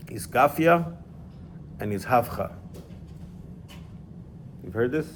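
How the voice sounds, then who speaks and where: A man's voice: mid-range voice, animated, slow, noisy background. A man teaching an informal religious class, explaining step by step and checking in with his student.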